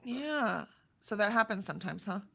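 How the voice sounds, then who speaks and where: A woman's voice: medium pitch, animated, moderate pace, gravelly, a bit bright. A woman, chatting casually on a livestream and reading viewers' comments aloud. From Texas, USA. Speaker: livestream co-host. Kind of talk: casual chat reading out live chat.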